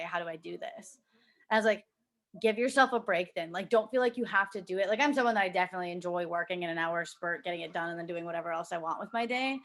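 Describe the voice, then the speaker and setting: A young woman gives a casual pep talk to her sales team from home. She is chatty, says "like" constantly, and slips into lively acted-out voices when she quotes people. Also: fairly low pitch. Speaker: team leader coaching a sales team. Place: at home with a child nearby.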